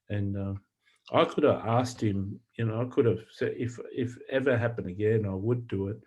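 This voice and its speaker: A man, a Christian author and minister, telling personal testimony stories in an earnest, plain-spoken way, halting often with fillers and repeated words. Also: fairly low pitch, fairly even intonation, darkish tone, slightly rough. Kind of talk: personal testimony storytelling to camera.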